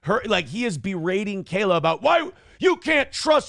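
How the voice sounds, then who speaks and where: Gravelly animated man telling a story. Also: high-pitched, moderate pace, no room sound, studio quality. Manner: animated, acts out quotes, swears freely. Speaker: morning show co-host. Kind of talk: casual storytelling chat.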